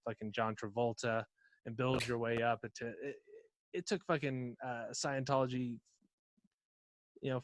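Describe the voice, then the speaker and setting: A man's voice: medium pitch, a bit bright, no room sound. A man co-hosting a comedy podcast in casual, rambling, profane chat. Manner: laid-back, profane, rambling. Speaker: podcast co-host.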